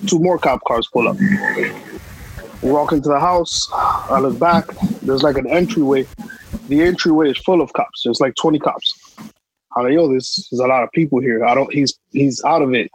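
A man's voice: medium pitch, normal speed, slightly rough, dry recording, rough recording. A young man, telling a long personal story on a podcast in emphatic street slang. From New York. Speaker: podcast co-host. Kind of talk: casual storytelling chat.

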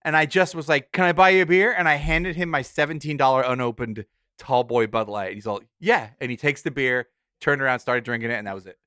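A man's voice: medium pitch, fairly quick, sharp tone, dry recording, studio quality. A man co-hosting a casual chat podcast, telling a comic story and acting out his own lines. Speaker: podcast co-host.

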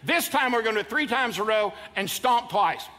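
A man's voice: high voice, expressive, a little fast, pushed and bright. A man in his fifties preaching a sermon to a live congregation, joking and leading the crowd through call-and-response. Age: 50s. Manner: playful, jokes with the congregation, leads them in call-and-response. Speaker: pastor. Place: large church auditorium. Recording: hall reverb, faint ambience.

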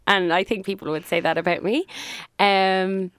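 A woman's voice: medium pitch, steady tone, moderate pace, a bit bright, smooth, no echo. Businesswoman guest, chatty, easy laugh, dry close sound. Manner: chatty, laughs easily, thinks aloud with fillers. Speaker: business owner, interview guest. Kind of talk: casual interview chat.

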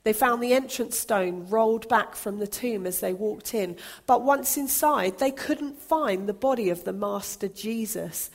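A young woman giving a church talk, reading a storybook Bible aloud with dramatic, expressive emphasis. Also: medium pitch, unhurried, few pauses. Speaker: speaker reading to a congregation.

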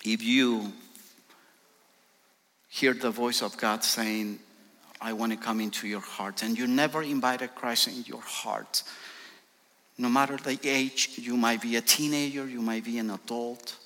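A man's voice: mid-range voice, steady tone, measured pace, long pauses, fairly bright tone. A man preaching as a guest speaker, speaking with an impassioned manner that rises into urgent, pleading prayers. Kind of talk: sermon. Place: church sanctuary. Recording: long church hall reverb.

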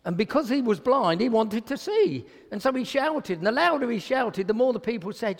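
A man delivering a sermon in a high voice whose pitch leaps and swoops as he tells Bible stories. He slips into the voices of the people he quotes. The recording carries the long, lingering reverb of a church hall. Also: normal speed, hardly any pauses. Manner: animated storytelling, acts out quoted speech. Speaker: preacher.

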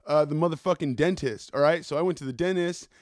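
A man hosts his own podcast, spinning loose, cussing stories in an easygoing monologue. His voice sits a little high. The sound is dry and close, with no room around it. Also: fast, no room sound. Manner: profane, rambling storyteller. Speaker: podcast host. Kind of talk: casual solo podcast monologue.

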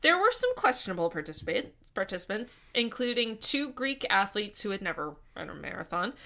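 A woman's voice: medium pitch, sing-song, brisk, vocal fry, sharp tone. A woman co-hosting a podcast, telling a history story in a casual, chatty way with frequent laughs and fillers. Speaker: podcast co-host.

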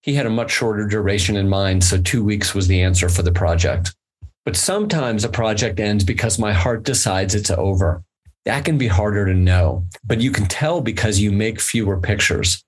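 A man's voice: lowish voice, moderate pace, slightly rough. A man appearing as a guest on a podcast, talking earnestly, stammering into sentences and reading a long quote aloud. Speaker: podcast guest, photo editor. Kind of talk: casual conversation.

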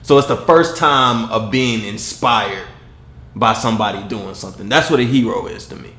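A man in casual chat, explaining his views slowly and deliberately. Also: medium pitch, a bit bright. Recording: echoey room.

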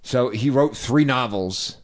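A man's voice: mid-range voice, slow pace. A man co-hosting a podcast, chatting casually with dry, sarcastic asides. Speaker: podcast co-host. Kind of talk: casual chat.

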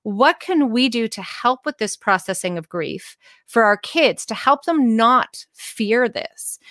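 A woman's voice: fairly high pitch, expressive, takes it slowly, a bit bright, dry recording, clean studio sound. A woman in her thirties hosting an interview, thoughtful, asking long winding questions as a parent of young kids. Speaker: podcast host. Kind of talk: conversational interview.

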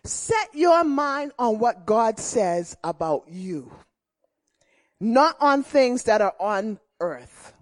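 A middle-aged woman preaching a sermon, telling personal stories in an animated way and repeating key phrases. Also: on the high side, takes it slowly.

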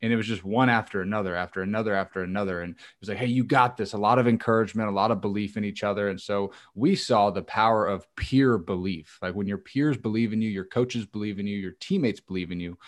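Man, podcast co-host, low voice, enthusiastic, dry close mic. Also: fast, few pauses, no room sound. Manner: energetic, enthusiastic, storytelling. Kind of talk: casual chat.

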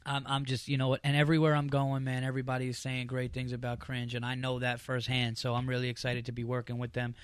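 A man hosting a podcast, chatting casually and excitedly, rambling with lots of fillers and restarts. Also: mid-range voice, fast, few pauses, smooth, no room sound, studio quality. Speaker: podcast host.

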